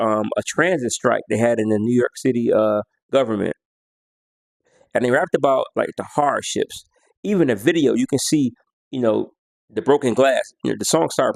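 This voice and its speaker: A man's voice: mid-range voice, vocal fry, a little mellow, no echo. A man counting down his favorite songs in a casual, slangy way, half-singing lyrics and beats as he goes. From United States. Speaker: music vlogger.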